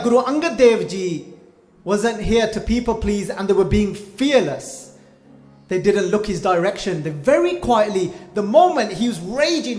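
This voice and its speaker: High-voiced man preaching in an echoey hall. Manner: animated storytelling, acting out quoted lines. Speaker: Gurmat class teacher. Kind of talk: storytelling sermon.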